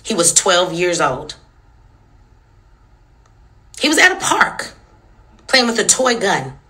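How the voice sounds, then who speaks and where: Fiery, bright-voiced woman ranting. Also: fairly low pitch, sing-song, takes it slowly. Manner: angry, profane and emphatic, with rhetorical questions. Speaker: social media commentator. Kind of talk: heated commentary rant.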